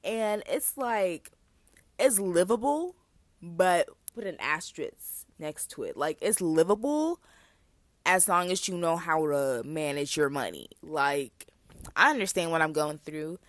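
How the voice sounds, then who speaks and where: A woman's voice: on the low side, lively intonation, unhurried, dry recording. Chatty young woman podcaster. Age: young adult. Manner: chatty storytelling, full of fillers and asides to listeners. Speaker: podcast host. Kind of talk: casual solo podcast chat.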